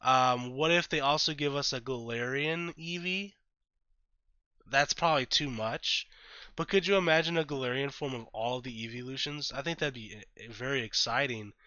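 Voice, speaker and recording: A man with a bright, forceful voice rambles through casual game commentary, full of ums and restarts. The sound is dry and close, a bit dull and lo-fi. He turns blunt and salty when something bugs him. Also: mid-range voice, normal speed, no room sound. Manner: rambling, filler-heavy, thinks aloud; blunt and profane when annoyed. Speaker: gaming YouTuber.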